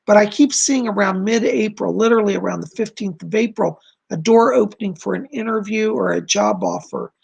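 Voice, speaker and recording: A man reads out viewer questions and answers them as a psychic on a live stream. His voice is heavily gravelly and a little husky, and it is wearing hoarse. He speaks in a gentle, reassuring, chatty way. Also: sits high, sing-song, a little fast. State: losing his voice. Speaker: psychic doing live readings.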